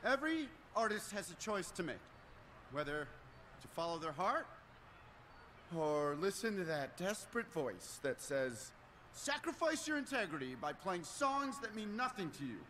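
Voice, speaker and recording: An actor playing an earnest, soft-spoken teenage boy musician who hesitates and stammers. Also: sits high, very animated, moderate pace, a little hiss or hum, full character voice.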